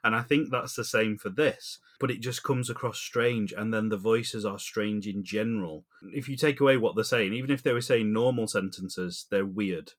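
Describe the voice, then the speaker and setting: A man co-hosting a podcast, rambling and animated in casual chat, laughing often. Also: fairly low pitch, moderate pace, few pauses. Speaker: podcast co-host.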